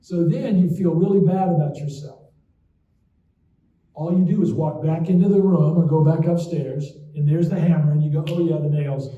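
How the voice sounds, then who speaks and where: Folksy doctor, dark distant sound. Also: male voice, on the high side, fairly even intonation, normal speed, slight background noise. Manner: folksy storytelling with frequent "okay?" asides. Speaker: memory doctor giving a talk. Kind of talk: casual lecture with anecdotes. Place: talk to an audience in a hall. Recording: roomy, distant, dull lo-fi sound.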